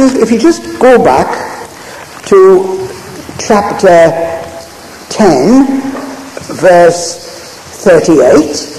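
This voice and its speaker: A man preaching a Bible teaching sermon in a slow, deliberate way, repeating key phrases as he goes through a passage. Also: high voice, darkish tone, a little hiss or hum. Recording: roomy hall recording.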